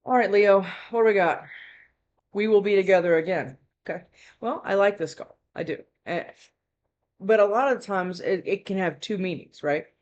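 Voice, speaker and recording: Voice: medium pitch, moderate pace, dull audio. A tarot reader telling a story in a casual, rambling chat, full of fillers and tag questions.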